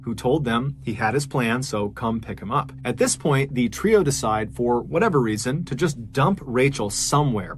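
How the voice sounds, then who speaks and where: A man tells a true crime story in a relaxed, conversational podcast manner, dropping in casual asides as he goes. His voice sits in an ordinary middle pitch. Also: slight background noise. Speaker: podcast narrator.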